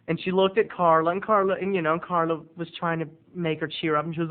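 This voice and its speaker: A man's voice: a little high, steady tone, fairly quick, few pauses. A man from Maryland rambling through a casual storytelling vlog, chatty with playful dramatic swings, recorded with tinny lo-fi sound. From Maryland, USA. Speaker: video blogger.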